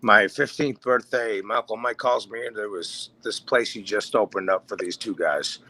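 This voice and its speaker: A bass player in his forties, appearing as a podcast guest, tells stories in a casual, laid-back, profane way, often saying "man." His voice is on the low side with a sharp tone, at normal speed.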